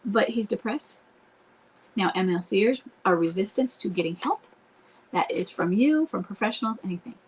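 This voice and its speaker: In this live Q&A advice session from her home, the marriage coach speaks at a normal speed in an animated, mid-range voice, with background noise behind her. She addresses viewers' questions earnestly and directly, stopping now and then to act out the words spouses might use.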